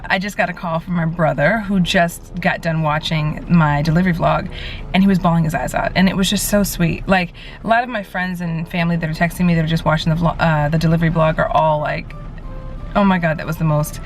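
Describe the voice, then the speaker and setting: A young woman talking casually to camera as a vlogger and new mother of twins, rambling with many fillers. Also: fairly low pitch.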